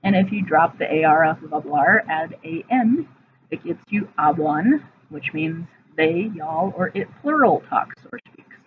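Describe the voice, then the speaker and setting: A woman, a Spanish teacher recording a vocabulary and grammar lesson, explaining step by step and checking in with the class. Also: lowish voice. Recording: tinny lo-fi audio with faint hiss.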